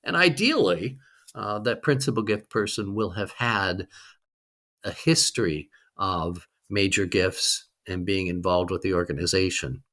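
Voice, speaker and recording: A man's voice: low-pitched, measured pace, fairly bright tone. A man in his sixties, a guest on an interview podcast, speaking reflectively with frequent ums. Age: 60s. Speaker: guest, fundraising leader.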